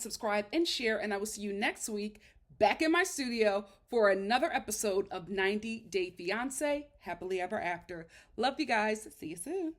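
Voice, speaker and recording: Sassy, outspoken woman vlogger, slightly high voice. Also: fairly bright tone. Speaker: reality TV review vlogger. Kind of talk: casual commentary to camera. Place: small studio.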